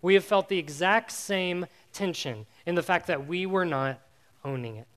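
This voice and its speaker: A man with a notably high voice delivers a youth sermon. He tells his story in an animated, self-mocking way, full of casual fillers, then turns to earnest teaching. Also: normal speed. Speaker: youth pastor.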